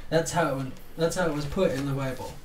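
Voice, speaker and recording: Brief: young man, somewhat high voice, animated storyteller, laughs a lot; echoey room, mic set back, faint hiss. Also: fast talker. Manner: animated, laughs often, acts out dialogue. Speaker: podcast co-host. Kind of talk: casual storytelling chat. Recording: roomy, distant mic with faint noise.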